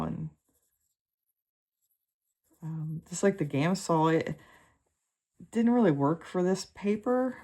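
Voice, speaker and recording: A woman talking viewers through a colored pencil drawing in a relaxed, chatty way, with lots of fillers and trailing thoughts. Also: sits low, vocal fry. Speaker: art tutor. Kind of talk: relaxed draw-with-me instruction.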